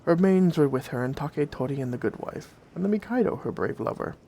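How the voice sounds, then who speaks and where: A man narrating old folk tales in a gentle, old-fashioned fireside storytelling manner. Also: on the high side, expressive, a little fast, vocal fry, a little hiss or hum.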